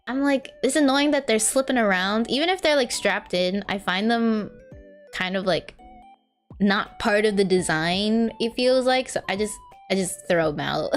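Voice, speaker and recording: A young woman with a fairly high voice chats on a live stream as she draws. She rambles, leans on fillers and laughs easily while answering her chat. Faint music plays under her voice. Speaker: VTuber streamer.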